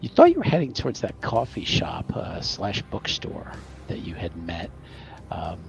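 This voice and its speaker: A man's voice: deep voice, very animated, normal speed, gravelly, faint music behind. A man narrating as game master of a tabletop game, rambling with many restarts and jokes. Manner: rambling, lots of fillers and restarts, jokey.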